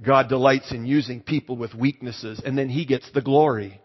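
Preacher telling stories in an echoey hall. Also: male voice, mid-range voice, fairly even intonation, normal speed, slightly rough. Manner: conversational, asks the congregation to raise hands. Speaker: pastor. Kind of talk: storytelling sermon. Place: church hall. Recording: echoey hall, slightly dull sound.

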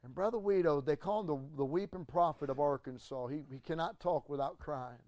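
A middle-aged man, a pastor, telling a story in a sermon with animated swings from loud to hushed and stammering restarts. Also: on the high side, fairly quick, no echo.

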